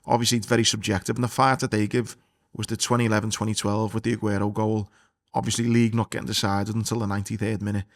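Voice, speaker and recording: A man co-hosting a podcast, chatting casually about football in a blunt, sweary, animated way. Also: on the low side, fast talker, gravelly, no room sound, clean studio sound. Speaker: podcast co-host.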